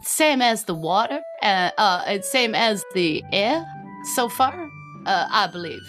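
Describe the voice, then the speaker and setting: A woman voicing a confused, polite female mail creature who talks in a halting, unsure way, with a New Zealand accent. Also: mid-range voice, sing-song, fairly bright tone, soft background music. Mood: bemused.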